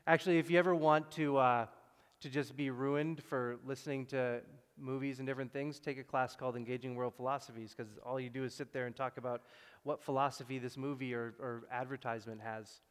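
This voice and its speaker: A man preaching a sermon in a relaxed, conversational way, acting out quotes and adding wry asides. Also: mid-range voice, brisk, clear, resonant tone. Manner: conversational, acts out quotes, self-deprecating asides. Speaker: pastor. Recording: long reverb in a large hall.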